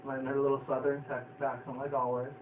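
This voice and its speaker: A man's voice: medium pitch, monotone, quick pace, a crowd in the background. A man casually recapping a cartoon episode in a loose, rambling, profane way, often chuckling. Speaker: vlogger reviewing a cartoon episode. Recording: tinny lo-fi, echoey, distant from the mic.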